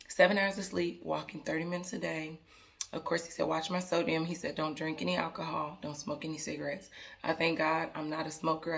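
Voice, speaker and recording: With a low voice marked by vocal fry, a woman vlogger addresses her viewers directly, casually and earnestly. She rambles, restarting frequently.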